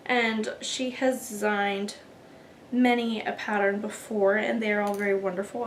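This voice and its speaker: A woman's voice: mid-range voice, a little hiss or hum. A young woman hosting a knitting video podcast, chatting casually while showing her work, rambling a little with fillers and restarts. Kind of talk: casual show-and-tell chat.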